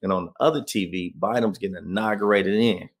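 Gravelly low-voiced man telling his story. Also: fairly quick. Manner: conversational, often adds "you know what I mean". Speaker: interview guest. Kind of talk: personal storytelling in conversation.

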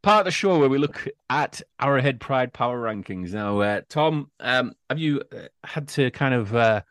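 A man's voice: mid-range voice, lively intonation, moderate pace, a bit bright, no room sound, studio quality. An English man hosting a sports podcast, easygoing and teasing as he moves the show along. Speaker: podcast host. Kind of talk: casual sports chat.

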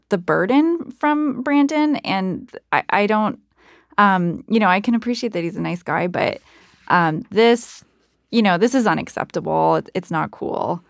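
A woman's voice: mid-range voice, vocal fry, dry recording, studio quality. A woman co-hosting an advice podcast, speaking frankly with hesitant starts. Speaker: podcast co-host. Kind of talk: casual advice podcast chat.

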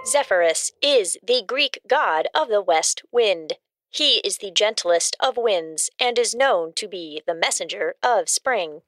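A woman's voice: medium pitch, lively intonation, measured pace, a bit bright, no echo, faint music behind. Matter-of-fact woman co-host. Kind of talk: casual chat and factual aside.

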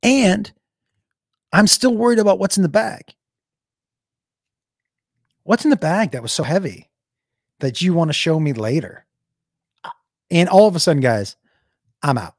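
A young adult man, a comedian, telling a comic story with lively bursts into shouted voices. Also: fairly high pitch, measured pace, pauses often, no echo, studio quality. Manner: animated, jumps into shouted impressions.

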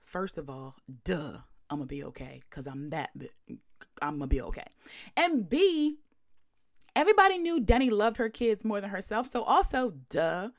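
A woman's voice: medium pitch, sing-song, moderate pace. Chatty, slangy woman podcast host. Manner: chatty and slangy, lots of "like" fillers; blunt and wry. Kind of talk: casual storytelling.

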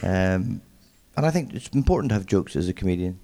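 A young man with a strong accent doing a stand-up comedy set, mumbling and wry in a deadpan way. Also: low-pitched, fairly quick, creaky. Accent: strong regional accent. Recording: noisy live venue recording.

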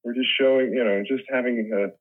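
A man voicing an impression of a playfully indignant actor, his words jumping up in quick protesting exclamations. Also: medium pitch, fairly even intonation, pitched above the performer's own voice, natural voice. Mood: mock innocent. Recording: tinny phone-like line.

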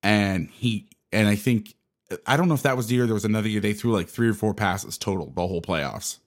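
Low-voiced man telling a lively story. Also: a little fast. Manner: animated anecdote telling, acting out conversations. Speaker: football coach. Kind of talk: casual storytelling.

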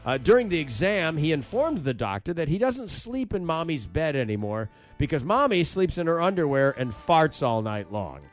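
A man's voice: on the high side, moderate pace, few pauses, soft background music. A man hosting a talk show, reading out funny stories and joking around in casual banter. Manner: joking, animated storytelling. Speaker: radio show host reading listener stories.

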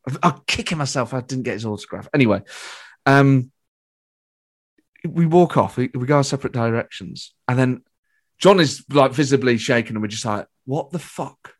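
A British comedian telling an anecdote in casual chat, animated and shifting between loud and hushed. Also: male voice, medium pitch, normal speed, long pauses. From Britain. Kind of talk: casual storytelling.

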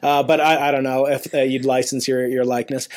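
A man's voice: medium pitch, level tone, brisk, darkish tone. A man in his fifties hosting a science podcast, talking in long rambling questions with many restarts. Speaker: podcast host, physicist. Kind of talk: casual interview chat.

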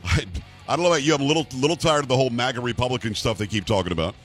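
A man's voice: medium pitch, racing, fairly bright tone, soft background music. A man hosting a talk radio show, delivering a sarcastic, emphatic political monologue into a studio microphone.

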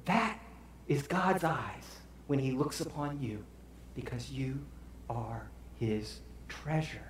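A man preaching a sermon as pastor, telling a story dramatically and swinging from hushed to loud. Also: mid-range voice, slow, very echoey, slight background noise.

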